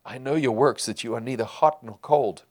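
A man preaching a sermon to his congregation, emphatic, rising loud and falling quiet. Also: mid-range voice, normal speed. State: tearful while reading scripture. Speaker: pastor.

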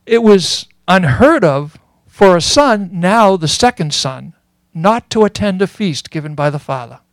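Earnest male preacher, slightly high voice. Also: animated, dry recording. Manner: earnest and explanatory, with frequent pauses and fillers. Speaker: Bible teacher. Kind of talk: sermon.

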